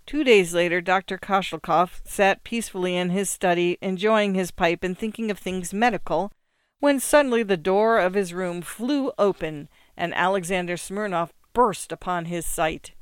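Smooth, dry storybook narrator. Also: medium pitch, no echo. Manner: measured, expressive. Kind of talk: storybook reading.

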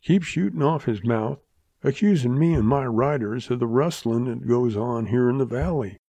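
A man voicing a scheming, ruthless saloon owner and rancher in a Western audiobook, gruff and blunt. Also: medium pitch, normal speed, warm tone, no room sound, close to an everyday voice.

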